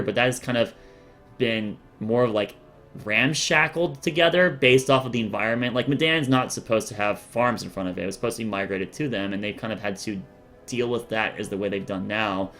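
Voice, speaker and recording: A man's voice: fairly low pitch, a bit bright. A man narrating a tabletop game as dungeon master, casual and rambling, with many fillers.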